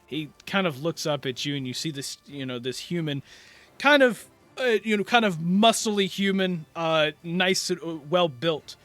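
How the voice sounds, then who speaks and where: A man's voice: a little high, expressive, moderate pace, a bit bright, no room sound, faint music behind. A man narrating a tabletop game as game master, in a loose, rambling way full of fillers.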